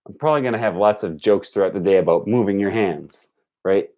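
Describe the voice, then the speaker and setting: A young man on a casual live stream, practicing and repeating phrases out loud while chatting with viewers and correcting himself. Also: fairly low pitch, fairly quick, lo-fi sound. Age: young adult. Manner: laughs at own jokes, self-correcting. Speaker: language learning streamer.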